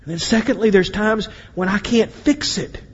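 A man preaching a sermon, acting out voices and swinging between loud and quiet. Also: high voice, moderate pace, breathy edge, lo-fi sound. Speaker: pastor. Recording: echoey hall with long reverb.

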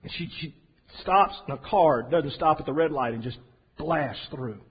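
A man preaching a sermon in a folksy, storytelling way, swinging from soft asides to loud emphasis. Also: a little high, normal speed, slightly rough. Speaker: pastor. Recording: dull lo-fi sound.

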